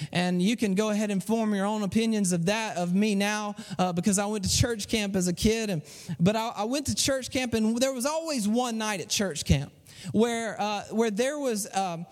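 A man preaching a sermon, telling stories with restarts and emphatic pauses. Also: extremely high pitch. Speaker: pastor. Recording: long hall reverb.

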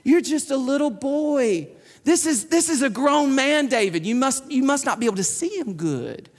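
A man's voice: extremely high pitch, expressive, moderate pace. A preacher playing a patronizing king. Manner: condescending, soothing, talking down. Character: patronizing king talking down to a boy. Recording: long hall reverb.

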